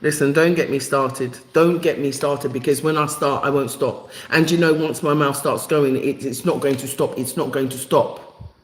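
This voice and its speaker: A woman's voice: a bass voice, steady tone, moderate pace. A woman hosting a live stream to her viewers, talking emphatically and repeating phrases for effect. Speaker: channel host. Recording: echoey room.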